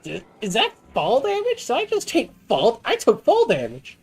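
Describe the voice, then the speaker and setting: A woman's voice: fairly high pitch, wildly swooping pitch, normal speed, darkish tone, husky. A woman streaming a game, chatting casually, swearing and teasing with jokes. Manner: profane, teasing, jokey. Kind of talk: casual gaming stream chat.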